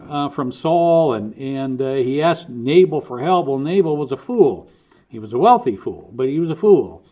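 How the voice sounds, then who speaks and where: A man preaching a sermon, earnest, often restarting and repeating his words. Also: a little high. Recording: dull lo-fi recording.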